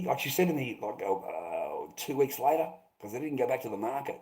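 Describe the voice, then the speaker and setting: A man's voice: mid-range voice, big pitch swings, a little fast, a little mellow, rough recording. A middle-aged Australian man telling a rambling anecdote, swearing often and filling gaps with "rah, rah".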